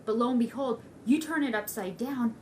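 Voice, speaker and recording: A young woman casually recapping a TV episode, gushing and excitable, swearing freely. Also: fairly high pitch, moderate pace, a little hiss or hum.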